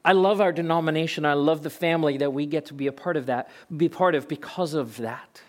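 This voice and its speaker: A man's voice: a little high, brisk. Man preaching an emphatic sermon. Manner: emphatic, conversational preaching with rhetorical questions. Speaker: pastor.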